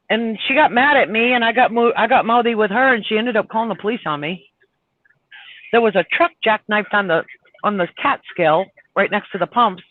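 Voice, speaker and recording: A man's voice: high-pitched, no room sound. A man, a truck driver, telling a long road story in a chatty way on a live stream. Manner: chatty, laughing, retells arguments with heat. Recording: tinny phone-like line.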